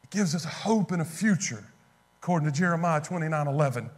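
A man's voice: a little high, lively intonation, quick pace. A man preaching a sermon in a conversational way, acting out lines of scripture figures as he goes.

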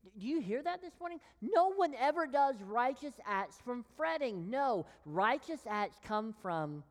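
A woman pastor preaching a sermon with emphatic pauses, sinking to a whisper on key words. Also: fairly high pitch, big pitch swings, big-room sound. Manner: slow, emphatic delivery with long pauses, dropping to a whisper on key phrases.

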